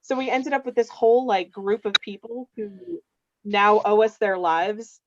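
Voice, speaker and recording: A woman on the game master staff chats casually during a livestream video call. Her mid-range voice moves at a measured pace, and the audio has its highs cut off, with background noise. She tells long, rambling game stories packed with fillers.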